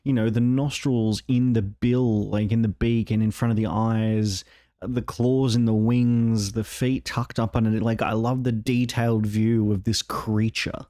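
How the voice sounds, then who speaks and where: Excitable Australian man, dry close sound. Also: lowish voice, a little slow, no room sound. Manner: enthusiastic, rambling, fond of "like". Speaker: gaming video host. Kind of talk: excited trailer breakdown commentary.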